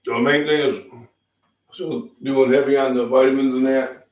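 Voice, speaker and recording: A middle-aged Midwestern man hosting a casual fitness chat, rambling with many fillers, feeling under the weather with coughs and throat-clearing. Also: mid-range voice, level tone, normal speed. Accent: Midwestern American. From Illinois, US Midwest. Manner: rambling, chatty, frequent fillers. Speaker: fitness channel host. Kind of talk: casual live-stream breakfast chat. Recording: echoey room, distant mic.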